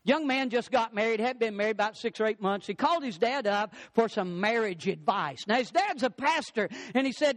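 Middle-aged guy preaching, really high voice, dry close sound, jumps up and down in pitch. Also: expressive, a little fast, few pauses, no echo. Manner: preaching with sudden swings in pitch and pace. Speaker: pastor. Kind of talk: sermon.

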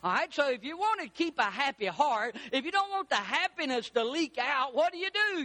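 A man preaching a sermon as pastor, animated and rising to shouts for emphasis. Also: very high-pitched, brisk, few pauses.

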